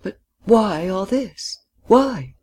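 A reader voicing an intense, grave woman who speaks slowly and presses her point in a storybook reading. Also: mid-range voice, animated, darkish tone, husky, voice pushed up, exaggerated voice. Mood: probing.

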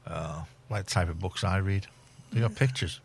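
A man's voice: low voice, normal speed. A man presenting on community radio, teasing and joking in casual studio chat. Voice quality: husky, gravelly. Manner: jokey, teasing, animated.

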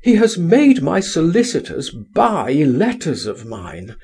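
A man reading an audiobook, voicing a tearful, despairing man who refuses to flee, in a halting, resigned way. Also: on the high side, huge pitch swings, warm tone, breathy edge, voice pushed up, full character voice. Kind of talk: audiobook dialogue.

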